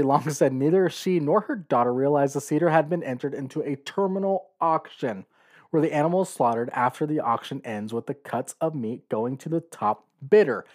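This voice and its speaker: A man hosting his own podcast, talking in a casual, blunt monologue. His voice sits a little high for a man. He reads news stories with open sarcasm and laughs at them. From California. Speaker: podcast host.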